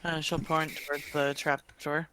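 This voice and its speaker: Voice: medium pitch, level tone, normal speed, bright, forceful tone, slight background noise. A tabletop game player describing their character's actions in a chatty way, laughing often. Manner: chatty, laughing, many fillers. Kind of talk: casual tabletop play.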